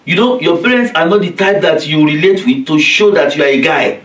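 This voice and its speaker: A man's voice: a little high, lively intonation, fairly quick, far from the mic. Man preaching in an echoey hall. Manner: recites verses in Arabic and explains them in simple, repetitive English; acts out quoted voices of children and parents. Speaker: religious teacher leading a weekly study circle. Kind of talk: religious lecture. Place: community centre hall.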